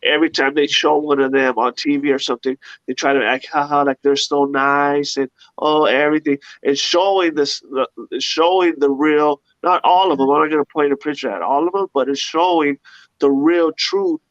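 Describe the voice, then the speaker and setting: A man's voice: fairly high pitch, fairly even intonation, moderate pace, dry recording. Indignant rambling man, dull lo-fi sound. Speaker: panelist. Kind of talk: casual talk-show discussion.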